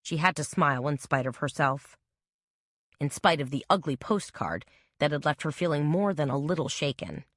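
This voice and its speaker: A woman narrating a mystery audiobook with an even, measured reading. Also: low voice, no room sound, clean studio sound.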